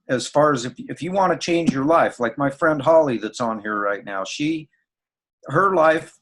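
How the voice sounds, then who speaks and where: A man of middle pitch shares his thoughts in casual chat on a morning talk show. He speaks with heartfelt sincerity and often restarts his sentences.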